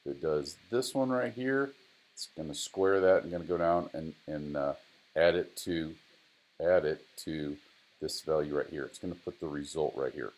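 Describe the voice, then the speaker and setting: A man with a deep, low voice walks through racing data on screen like an instructor. He is casual, repeats points for emphasis and grumbles at his tools as he goes. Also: moderate pace. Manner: casual, repeats phrases, talks to the software. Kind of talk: screen-recorded data analysis tutorial.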